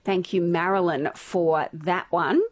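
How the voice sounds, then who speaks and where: A woman's voice: on the low side, steady tone, slow pace, no room sound. A woman with an Australian accent hosting a casual radio chat, reading out listener texts in a chatty way. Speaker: radio host.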